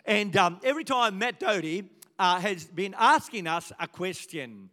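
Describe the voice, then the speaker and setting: 60s guy preaching in a big church hall, slightly high voice, loud then soft, long echo. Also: measured pace. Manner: animated storytelling, swings from loud to soft. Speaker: pastor. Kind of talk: sermon.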